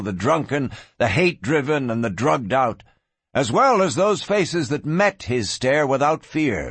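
A man reading a western novel aloud in a dramatic, expressive storytelling manner. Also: medium pitch, husky, no room sound. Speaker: audiobook narrator. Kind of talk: scripted western audiobook narration.

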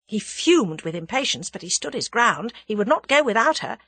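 Expressive, slightly husky female narrator. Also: fairly high pitch, moderate pace, no echo. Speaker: audiobook narrator. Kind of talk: scripted narration.

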